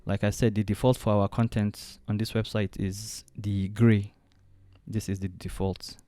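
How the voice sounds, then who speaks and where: Man, software tutorial walkthrough, mellow, dry close sound, thinks aloud. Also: lowish voice, flat delivery, a little slow, no echo. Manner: thinking aloud step by step, with fillers. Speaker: design tutorial host. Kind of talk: screen-recorded software tutorial.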